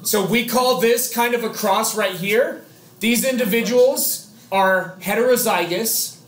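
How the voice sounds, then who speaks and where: High-voiced man teaching in an echoey classroom. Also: a little slow, a bit bright. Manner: chatty, jokey, quizzes students. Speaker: biology teacher. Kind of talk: classroom lecture.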